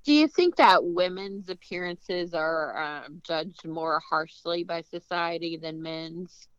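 A woman's voice: on the low side, takes it slowly, clear, resonant tone, no room sound, dull audio. A woman interviewer asking questions in a hesitant, thoughtful way.

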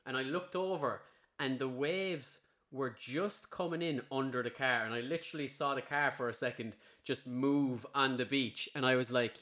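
A man's voice: medium pitch, moderate pace, pushed and bright. An Irish man hosting a podcast, telling stories animatedly and swearing freely. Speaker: podcast host. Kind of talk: casual chat.

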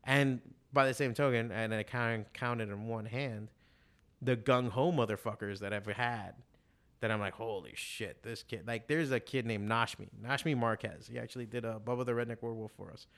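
Middle-aged man, casual podcast chat, profane, animated storyteller, average pitch. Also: normal speed. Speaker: comic artist and shop owner.

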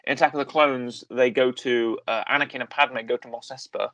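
A man's voice: mid-range voice, steady tone, a little fast, fairly bright tone, no echo. A man co-hosting a podcast in casual chat, rambling and correcting himself often, with lots of fillers. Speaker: podcast co-host. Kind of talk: casual chat reviewing a series.

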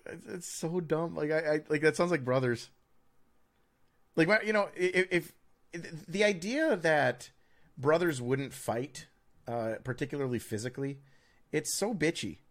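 A man's voice: on the high side, measured pace, fairly bright tone. An American man co-hosting a podcast, chatting in a rambling, sardonic way with lots of stammered restarts. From United States. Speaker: podcast co-host. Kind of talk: casual opinionated chat.

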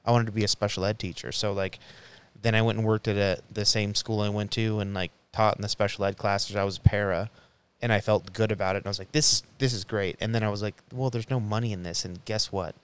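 A man's voice: lowish voice, fairly even intonation, fast, fairly bright tone, clear, resonant tone. A young man co-hosting a podcast round table, telling a long story in casual chat, swearing often and restarting his sentences. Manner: profane, rambling storytelling with frequent restarts. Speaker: podcast co-host.

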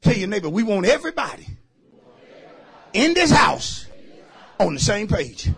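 A man preaching a sermon as pastor, shouting out lines and calling for responses from the congregation. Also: high voice, very animated, a little slow, vocal fry, slightly rough, some chatter behind.

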